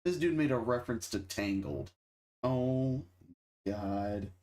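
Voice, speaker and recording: A man's voice: medium pitch, takes it slowly, noisy background. Sarcastic swearing male streamer. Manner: blunt, sarcastic, heavy swearing. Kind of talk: casual reaction chat.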